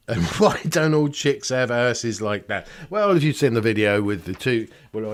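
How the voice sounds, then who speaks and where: An older man, hosting a casual Q&A vlog in a rambling, self-mocking way, often laughing at himself. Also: on the low side. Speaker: vlog host answering viewer questions.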